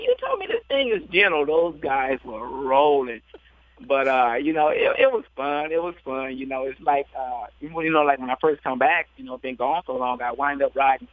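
A man's voice: medium pitch, no echo. A man being interviewed as a jockey, telling stories with frequent laughter and acted-out quotes. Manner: laughing, animated storyteller acting out quotes. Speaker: jockey guest. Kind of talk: storytelling interview. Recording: dry tinny phone line.

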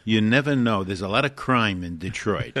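A man's voice: on the low side, moderate pace, bright, forceful tone. An older man from New York, a guest co-host on a radio show, telling stories and joking in a casual way with many fillers.

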